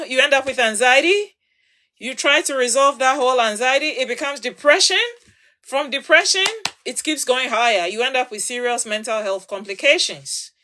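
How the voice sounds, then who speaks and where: A woman's voice: sits high, pushed and bright. A woman hosting a livestream, giving emphatic advice to her followers and repeating words for stress. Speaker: livestream host.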